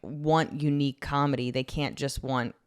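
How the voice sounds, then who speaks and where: Woman comedian, Jersey-raised, loud storyteller, smooth resonant tone. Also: rumbling low, fairly even intonation, moderate pace. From New Jersey. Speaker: guest comedian. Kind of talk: casual podcast chat.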